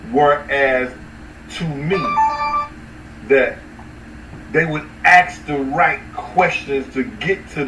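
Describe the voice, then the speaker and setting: A man hosting a casual livestream, talking loosely and profanely to his chat, with sudden high-pitched outbursts. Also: fairly bright tone, recorded from a distance. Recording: roomy echo, off-mic, faint ambient noise.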